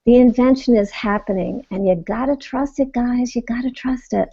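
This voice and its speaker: A woman on a writing panel, talking in an animated, teacherly and playful way. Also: a little high, moderate pace, slightly rough, muffled recording. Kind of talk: casual panel talk.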